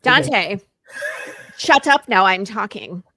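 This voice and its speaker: Bossy, whiny, entitled rich lady host played by a woman. Bright, higher voice, dry close sound. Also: sing-song, moderate pace, dry recording. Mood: bratty. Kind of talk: comedy sketch show.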